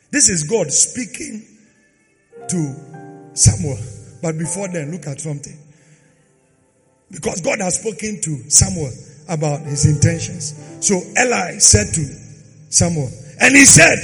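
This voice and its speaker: High-voiced preacher in an echoing hall. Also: male voice, lively intonation, normal speed, pauses often. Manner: dramatic, swings between loud sung phrases and quiet asides. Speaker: pastor. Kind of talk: sermon. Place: church hall. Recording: long hall reverb with faint music.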